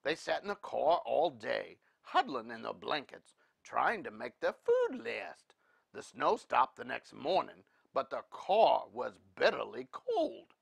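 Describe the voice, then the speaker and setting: A man reading a storybook aloud in an animated, expressive way. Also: medium pitch, slow pace, vocal fry, husky, no room sound.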